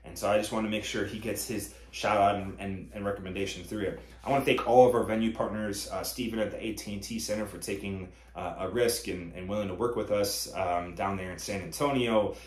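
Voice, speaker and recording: Man with a low voice, earnest live-streamed announcement, roomy echo. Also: steady tone, brisk, few pauses. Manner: earnest, full of thanks. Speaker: comedy company owner.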